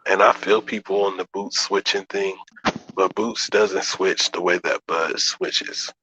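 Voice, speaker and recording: A man's voice: low-pitched, fairly even intonation, measured pace, noisy background. A man hosting a casual boxing debate, emphatic and swearing freely as he breaks fights down.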